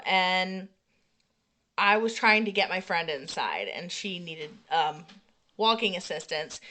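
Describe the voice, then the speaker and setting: Bright-voiced young woman, chatty. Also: medium pitch. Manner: chatty, rambling anecdotes full of fillers. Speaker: podcast co-host. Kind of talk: casual chat.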